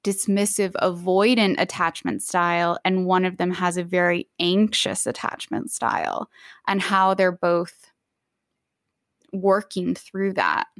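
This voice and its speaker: A woman's voice: on the low side, a little slow, a bit bright, dry recording, clean studio sound. A woman co-hosting a podcast, chatting with enthusiasm about a film and book and acting out quoted lines. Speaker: podcast co-host. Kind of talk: casual book discussion.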